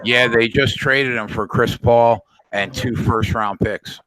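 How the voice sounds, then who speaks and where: A man in an easygoing sports chat who stays calm and measured. He reads out trade updates in a steady, plain voice and answers the other host's rants without raising it. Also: mid-range voice, no room sound, rough recording. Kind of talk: casual sports betting chat.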